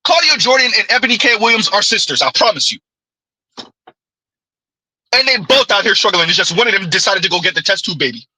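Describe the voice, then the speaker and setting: Man, emphatic opinion rant, very bright tense tone, dry close sound. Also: high-pitched, lively intonation, fairly quick, long pauses, slightly rough, no room sound, poor audio. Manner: emphatic, repetitive call-outs, rhetorical asides. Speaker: commentary vlogger. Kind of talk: opinionated commentary monologue.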